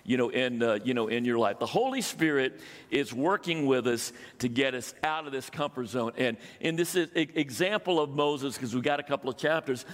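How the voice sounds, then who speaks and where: A man's voice: mid-range voice, moderate pace, a bit bright. An older man, a pastor, preaching a sermon in a conversational way and asking his congregation questions. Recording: long reverb of a hall.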